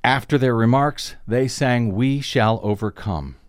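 A man's voice: mid-range voice, a little slow, clear, resonant tone, no echo, clean studio sound. A middle-aged man hosting a political radio show, giving an earnest, emphatic commentary monologue.

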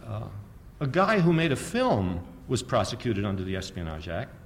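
A man's voice: on the low side, sing-song, normal speed. An older man giving a public lecture, telling a story with sardonic humor and rhetorical questions to the audience.

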